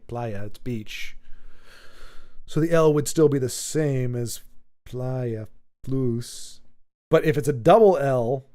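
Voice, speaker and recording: A man casually chatting with viewers on a live stream, joking and answering the chat aloud. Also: on the high side.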